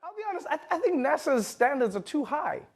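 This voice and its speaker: High-voiced man doing stand-up. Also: sing-song, brisk, creaky. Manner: joking, laughing through punchlines. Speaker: stand-up comedian. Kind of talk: stand-up comedy routine.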